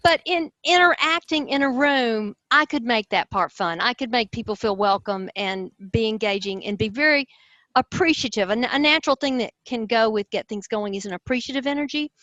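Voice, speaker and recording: Expressive Southern woman, dry sound. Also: on the high side, a little fast, no room sound, highs cut off. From Southern United States. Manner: enthusiastic, expressive. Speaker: host, personality-type teacher. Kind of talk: explanatory conversation.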